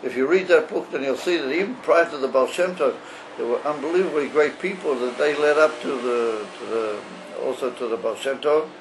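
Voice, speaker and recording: A male rabbi with a mid-range voice teaches a class on a religious text, with background noise audible. His explanations come slowly and haltingly, full of pauses and fillers.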